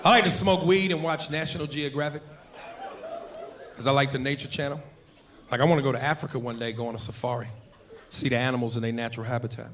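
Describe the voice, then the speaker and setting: A man's voice: medium pitch, fairly even intonation, fast, long pauses, noisy background. A man doing a brash, profane stand-up set on a comedy stage before a live audience. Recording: live club mic, crowd laughter.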